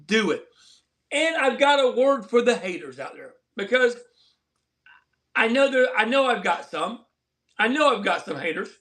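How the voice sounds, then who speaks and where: A man's voice: very high-pitched, very animated, normal speed, long pauses, fairly bright tone. A man hosting a live stream, chatting in a rambling, earnest and preachy way to his viewers. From southern Colorado. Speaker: livestream host. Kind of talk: casual livestream chat.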